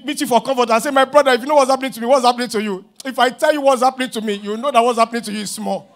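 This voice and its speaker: A middle-aged man with a Nigerian accent, preaching a sermon as pastor, animated and acting out dialogue, rising to shouts. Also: extremely high pitch, very fast, few pauses.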